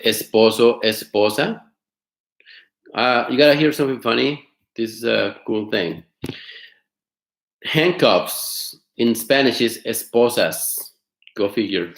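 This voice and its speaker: A man teaching an online class, explaining words slowly, repeating them and asking his students questions. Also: medium pitch, fairly bright tone, reverberant. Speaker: Spanish teacher. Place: home studio.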